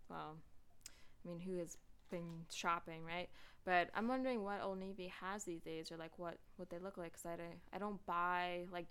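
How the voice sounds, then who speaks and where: A young woman hosting a podcast, chatting casually with lots of fillers and quick laughs. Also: fairly low pitch, a bit bright, smooth. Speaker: podcast host. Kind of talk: casual chat.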